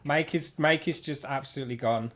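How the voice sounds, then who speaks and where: A man's voice: medium pitch, fairly quick, fairly bright tone. A man chatting casually on a live stream as he reacts to clips, teasing and giggly.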